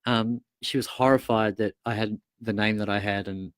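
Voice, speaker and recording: A man's voice: fairly low pitch, fairly even intonation, normal speed, no room sound. An Australian man, a guest guitarist, chatting casually and telling jokes and stories. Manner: joking, storytelling. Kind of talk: casual chat.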